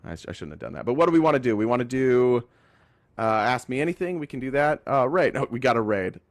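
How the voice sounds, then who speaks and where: ユタ州出身の男性が、ライブ配信の視聴者コメントに応えながら、脱線や言い直しを交えて政治の話を気ままに語っている。. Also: male voice, mid-range voice, lively intonation, fast, no room sound, studio quality. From Utah. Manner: rambling, talks to chat, self-correcting. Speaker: livestream host. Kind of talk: casual political livestream chat.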